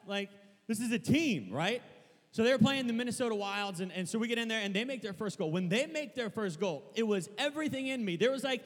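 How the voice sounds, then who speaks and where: A young man preaching a sermon in a church, rambling and excitable, stumbling over restarts and breaking into shouts. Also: high-pitched, a little fast, in a large hall. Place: church hall.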